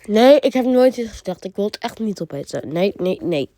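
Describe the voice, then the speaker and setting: A woman's voice: medium pitch, lively intonation, a little fast, noisy background. A woman with a Dutch accent, hosting a reaction video with short exclaimed comments. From Netherlands.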